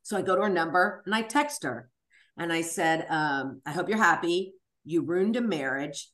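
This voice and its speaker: A woman stand-up comic telling a personal story in a frank, animated way, swearing freely and acting out the voices of the people in it. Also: lowish voice, normal speed. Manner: animated, acts out voices and screams in the retelling. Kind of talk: storytelling interview.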